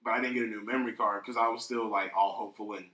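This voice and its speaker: Bright-voiced young man in an echoey room. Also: fairly low pitch, rapid-fire. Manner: profane, rambling, animated. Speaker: podcast co-host. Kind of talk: casual chat.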